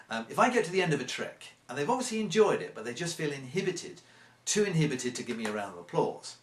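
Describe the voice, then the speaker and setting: A man's voice: mid-range voice, fairly bright tone. English magician guy chatting tips, acts out his lines, echoey room. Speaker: magician giving advice. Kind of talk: casual instructional talk. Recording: roomy echo.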